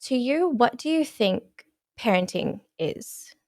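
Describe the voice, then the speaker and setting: A woman hosting a podcast, asking measured interview questions and reading out a definition before her question. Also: on the high side, expressive, darkish tone, dry recording, studio quality. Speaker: podcast host.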